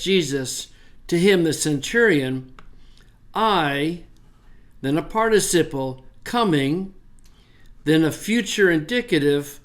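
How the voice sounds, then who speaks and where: A man teaching a Bible lesson in a conversational way, getting emphatic when he quotes verses. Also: on the high side. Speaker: Greek scholar teaching.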